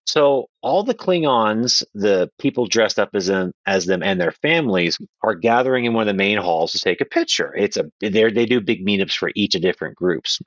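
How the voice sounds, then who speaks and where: A man guest on a podcast telling a playful anecdote in a casual, animated way. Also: lowish voice, moderate pace, few pauses, no room sound, lo-fi sound. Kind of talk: casual storytelling.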